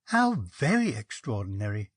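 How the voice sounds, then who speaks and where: A man reading a story aloud, voicing a bold young woman in a brisk, lightly mocking way. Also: fairly low pitch, huge pitch swings, breathy edge, no room sound, clean studio sound, full character voice. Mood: bemused.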